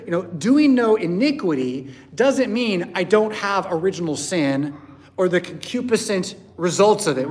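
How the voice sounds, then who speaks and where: A male pastor preaching a sermon in a church, conversational, often checking in with "right?" and "yeah?". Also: sits high.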